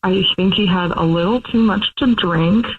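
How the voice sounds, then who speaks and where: A woman's voice: mid-range voice, moderate pace, breathy edge. Woman on a tinny phone line, hesitant, lots of ums, laughing a bit. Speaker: caller. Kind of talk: casual phone chat.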